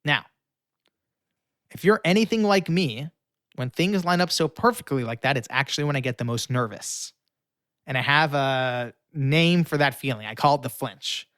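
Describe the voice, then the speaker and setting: A young man telling a story with lively energy, filling it with fillers and acting out the voices of the people in it. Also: medium pitch, normal speed, dry recording, clean studio sound. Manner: acts out quoted voices, shouting and pleading; frequent fillers. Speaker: guest storyteller. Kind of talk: animated storytelling.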